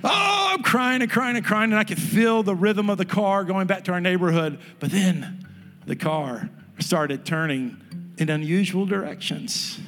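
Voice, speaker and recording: A man preaching as a pastor, telling a childhood story with lively, animated delivery and acted-out family voices. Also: a little high, long reverb tail. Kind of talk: sermon storytelling. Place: church sanctuary.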